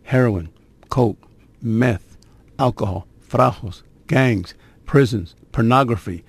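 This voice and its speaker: An older man tells his conversion story in a gravelly, husky voice, recorded dry and close. He keeps it conversational and streetwise and builds suspense with little asides to the listener. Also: mid-range voice, slow, dry recording. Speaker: guest sharing his conversion testimony. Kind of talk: personal testimony storytelling.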